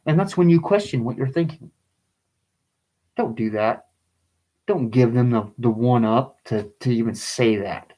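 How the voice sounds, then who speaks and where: A man reading and explaining his own poem in a video, pleading and agitated, his voice rising into angry bursts, with halting restarts. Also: medium pitch, mellow, rough recording. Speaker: vlogger.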